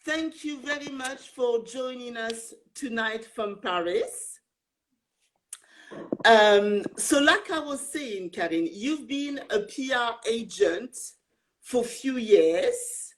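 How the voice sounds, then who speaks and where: A woman hosts a live video interview over a call. Her voice sits a little high and her pace is slow and deliberate. She repeats herself patiently while the connection drops. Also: animated, poor audio. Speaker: host. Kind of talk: hosting a live video chat.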